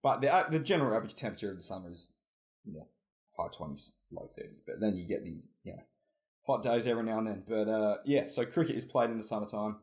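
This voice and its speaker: In a casual chat as a podcast guest, an Australian man rambles along in an easygoing manner, often laughing. He talks at a quick pace in a lowish, slightly mellow voice.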